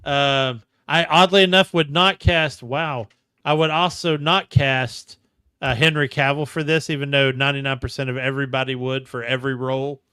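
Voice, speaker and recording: A man co-hosting a podcast in casual chat, enthusiastic and animated. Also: mid-range voice, normal speed, smooth, no room sound. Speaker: podcast co-host.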